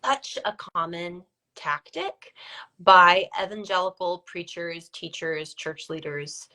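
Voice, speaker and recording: A woman co-hosts a relaxed live-stream conversation with a bright, slightly low voice. She talks with emphasis and often repeats a word to drive the point home. She comes across as a sharp, forceful speaker. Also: slow. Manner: emphatic, repeats words for stress. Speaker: co-host. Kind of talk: casual discussion on a live stream.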